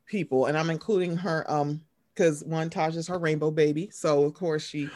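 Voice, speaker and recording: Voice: medium pitch, steady tone, normal speed, darkish tone. A podcast co-host chatting casually, rambling and joking in slangy speech with frequent laughs. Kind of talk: casual chat.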